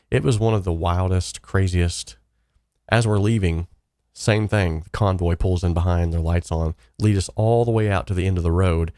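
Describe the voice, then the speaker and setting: Deep-voiced man rambling through a casual livestream. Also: steady tone, moderate pace, dark tone, no room sound, studio quality. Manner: rambling storyteller, many fillers and restarts. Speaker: host. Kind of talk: casual live-stream chat. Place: home studio.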